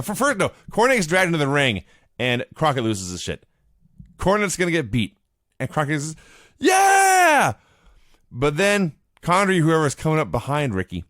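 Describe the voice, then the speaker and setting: A man co-hosting a casual chat show, telling stories with lively energy and shouting out the lines he quotes. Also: a little high, no echo, clean studio sound. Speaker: podcast co-host. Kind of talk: casual chat recapping old wrestling.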